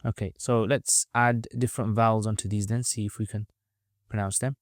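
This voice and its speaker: A man's voice: lowish voice, fairly even intonation, brisk, dry recording, clean studio sound. A man teaching Arabic letters step by step, patiently repeating each sound for learners to copy. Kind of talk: slow step-by-step lesson.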